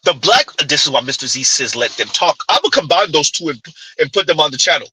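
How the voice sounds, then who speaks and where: A man's voice: fairly high pitch, lively intonation, a little fast, sharp tone, breathy edge, low-quality recording. A man hosting a live-stream commentary show, firing off blunt, mocking rhetorical questions with "huh?" asides. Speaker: commentary channel host.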